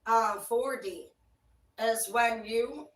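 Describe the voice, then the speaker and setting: A woman's voice: fairly high pitch, extremely slow. Woman doing a tarot reading, swears a lot, rambles, kinda far from the mic, roomy echo. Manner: blunt, profane, rambling. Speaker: tarot reader. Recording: echoey room, voice away from mic.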